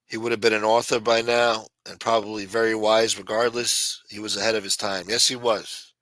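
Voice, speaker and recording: A man's voice: lowish voice, level tone, moderate pace, a bit bright, dry recording, poor audio. A man hosting a late-night talk show, ranting bluntly with lots of profanity. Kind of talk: casual talk-show rant.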